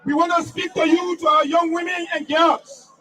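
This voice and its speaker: A man giving a shouted protest speech at an outdoor rally, leading chants and rousing the crowd. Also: very high voice, flat delivery, moderate pace. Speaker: protest speaker. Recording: distant mic, loud crowd outdoors.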